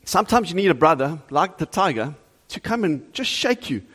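A man preaching a sermon to a congregation, earnest and animated, asking the listeners direct questions. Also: fairly high pitch, moderate pace, slightly rough. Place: church hall before a congregation. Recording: long reverb of a large hall.

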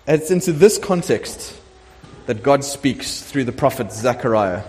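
A middle-aged man preaching a sermon as a pastor, telling the story in a lively way and acting out the voices of the people in it. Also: medium pitch, unhurried. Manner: animated storytelling preacher, acts out quoted voices. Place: church sanctuary. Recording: long church hall reverb.

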